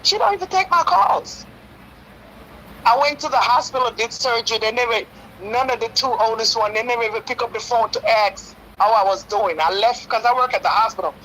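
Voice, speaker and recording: A woman's voice: on the high side, fairly quick, a bit bright, a little hiss or hum, low-quality recording. A woman in her fifties calling in to a talk show, pleading and telling a hurtful story at length. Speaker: caller. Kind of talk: call-in radio talk.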